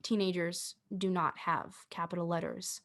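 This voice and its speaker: A woman's voice: on the low side, flat delivery, moderate pace, a bit bright. A young woman co-hosting a casual comedic podcast, dry and teasing as she gives advice. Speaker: podcast co-host.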